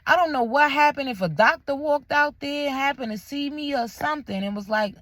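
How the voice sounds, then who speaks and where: A woman's voice: high-pitched, a little fast, no room sound. A young woman, casually telling a personal story and acting out the voices of others. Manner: animated, acts out quoted voices, drops to near-whisper at tense moments. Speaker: vlogger telling her birth story.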